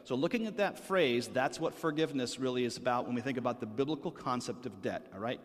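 A man's voice: medium pitch, quick pace, hardly any pauses. A male pastor preaching a sermon in a conversational manner, often checking in with his listeners. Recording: long hall reverb.

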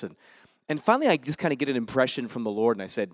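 A man, a visiting missionary, telling a story to a church congregation in a quick, lively way and acting out the dialogue. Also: medium pitch, no echo, studio quality. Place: church service.

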